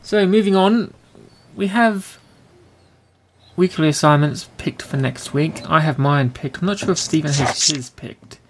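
A man's voice: fairly high pitch, measured pace, slight background noise. A man co-hosting a casual podcast, steering the talk along and teasing with jokes. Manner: jokey, teasing. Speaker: podcast co-host. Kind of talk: casual chat.

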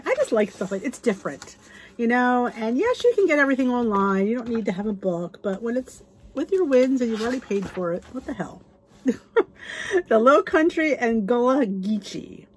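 A woman's voice: fairly high pitch, expressive, normal speed, a little hiss or hum. A woman hosting her cooking channel, chatting casually as she reads recipe names aloud and gushes over the food, now and then dropping into a whisper. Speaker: cooking channel host reviewing a cookbook. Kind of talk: casual chat.

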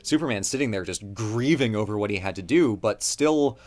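A man's voice: fairly low pitch, lively intonation, fairly quick, a little mellow. A man co-hosting a casual discussion, talking in a rambling way with many fillers and restarts. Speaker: co-host.

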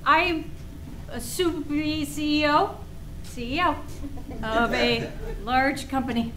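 A woman performing live improv comedy as a flighty young woman in an on-off romance, halting and trailing off mid-word. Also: a little high, lively intonation, lightly acted. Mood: awkward. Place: theatre stage. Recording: echoey live theatre, loud audience noise.

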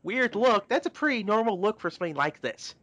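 A man's voice: high voice, expressive, fairly bright tone, dry recording. A man co-hosting a comedy podcast, reading fan fiction aloud and breaking in with crude, mocking asides. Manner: mocking, crude, quick asides between read passages. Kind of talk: casual comedic group reading.

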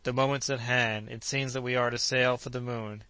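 A man's voice: mid-range voice, fairly even intonation, moderate pace, pushed and bright, clear, resonant tone, dry recording, natural voice. Man reading Joe, an eager cheerful manservant. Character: cheerful loyal young manservant, optimistic.

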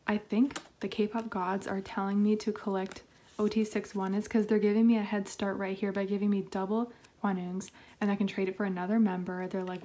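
A young woman chatting casually while unboxing K-pop albums, excitable and talkative, with lots of fillers and little laughs. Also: mid-range voice, a little fast. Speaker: K-pop album haul vlogger.

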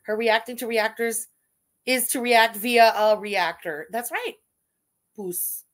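A woman's voice: fairly high pitch, takes it slowly, a bit bright. A woman with a Canadian accent hosting a casual commentary stream, blunt and sarcastic, swearing freely as she reads out super chats.

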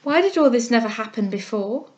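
A woman's voice: fairly high pitch, lively intonation, fairly quick, darkish tone, highs cut off, a little hiss or hum, lightly acted. A woman doing an eager, earnest young girl. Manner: eager and heartfelt, speaking up with spirit.

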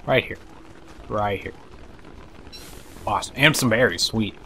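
A man giving casual let's play commentary, excitable and swearing, talking to the creatures in the game. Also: on the low side, measured pace, a little hiss or hum. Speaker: gameplay commentator.

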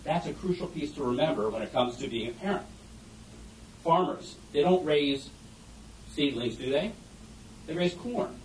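A man with a rather high, expressive voice speaks at normal speed but with long pauses, giving a humorous stage talk on parenthood full of animated anecdotes and audience questions. It's recorded from a distance in an echoey event hall with a little hiss or hum.

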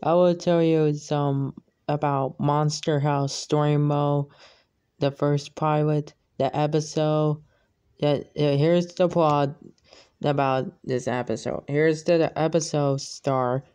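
A man casually retelling a story he made up, halting and repeating words as he goes. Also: a little high, little pitch movement, darkish tone, smooth. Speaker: fan storyteller.

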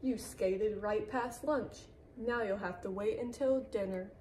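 A woman voicing a cheerful, sensible young female groundhog who talks in a brisk, slightly scolding way. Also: medium pitch, dark tone, roomy sound, slight background noise, close to an everyday voice, low-quality recording.

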